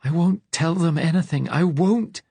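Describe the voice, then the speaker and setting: A man voicing a terrified male scientist who speaks in a quiet, fierce, almost hissing tone in an audiobook. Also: medium pitch, fairly even intonation, a little slow, gravelly, slightly rough, no room sound, pitched above the performer's own voice. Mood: desperate.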